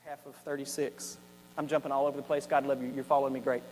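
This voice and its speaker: A man's voice: medium pitch, flat delivery, quick pace, darkish tone. A man preaching a sermon as a pastor, telling the story animatedly with asides. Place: church sanctuary. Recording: hall reverb with faint mains hum.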